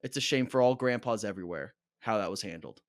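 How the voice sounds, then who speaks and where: A young man co-hosting a casual reaction podcast, talking in an animated, fired-up rant. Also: on the low side, fast talker, dry recording, clean studio sound. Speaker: podcast co-host.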